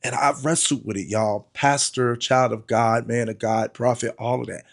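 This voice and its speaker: Middle-aged man, pastor, personal testimony, gravelly, breathy edge, earnest, repeats himself. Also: mid-range voice, steady tone, moderate pace. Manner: earnest, restarts and repeats words, addresses listeners as y'all.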